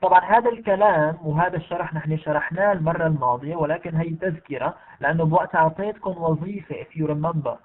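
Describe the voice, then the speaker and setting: A man teaching English in an online class, speaking haltingly with many fillers and repeated words. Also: fairly high pitch. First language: Arabic. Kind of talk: bilingual online lesson. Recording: tinny phone-like online call audio.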